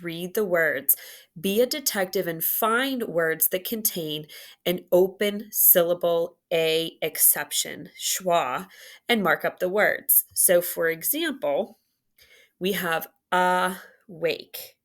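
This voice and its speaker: Slow patient woman teaching phonics. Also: lowish voice. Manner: slow, patient, drawn-out enunciation of sounds. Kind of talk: phonics lesson walkthrough.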